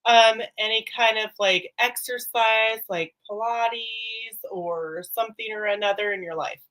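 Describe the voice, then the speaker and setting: A woman chatting casually on a livestream video call from her sewing room, playful and animated. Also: on the high side, measured pace, poor audio.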